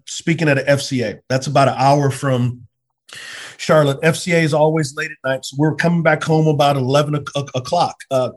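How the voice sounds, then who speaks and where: A middle-aged man, a pastor, telling personal stories in an earnest, animated way with frequent stammered restarts. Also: a little high. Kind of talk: conversational storytelling.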